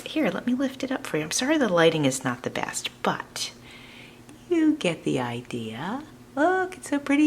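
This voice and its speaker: A woman's voice: on the low side, gravelly, a little hiss or hum. A woman hosting a crafting channel, chatting casually and thinking aloud to her viewers as she works in her home art studio. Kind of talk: casual crafting tutorial chat.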